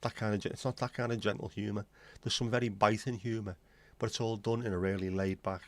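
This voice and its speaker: Fast-talking and level in tone, a low-voiced man from England in his forties hosts a livestream, recorded without echo. His casual chat is blunt and opinionated, hopping from one tangent to the next.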